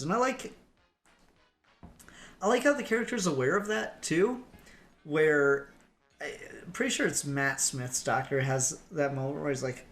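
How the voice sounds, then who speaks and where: A man co-hosting a loose podcast conversation, speaking at a mid pitch. He meanders through his points with ums, restarts and casual profanity, and faint music plays underneath. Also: a little slow, a bit bright. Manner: rambling, swears, many ums and restarts. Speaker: podcast co-host.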